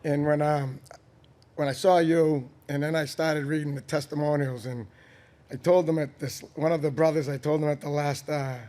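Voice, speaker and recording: A man's voice: on the high side, level tone, moderate pace, mellow. A man with a Boston accent, a guest on a podcast, talking earnestly and bluntly with casual swearing. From Boston, Massachusetts. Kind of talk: candid conversational interview.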